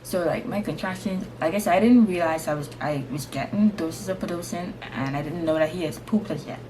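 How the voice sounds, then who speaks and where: A young woman with a lowish voice tells her story in a chatty, casual way. The mic sits a little far from her, and faint noise hangs behind her. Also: a little fast, warm tone. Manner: chatty, with repeated "like". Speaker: vlogger.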